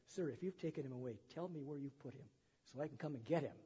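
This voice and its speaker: A man preaches with a somewhat high, mellow voice that has a breathy edge, talking fast. He's a pastor reading the gospel in a church sanctuary and recounting it plainly with casual asides; the recording is dull, with a long-echo hall around it.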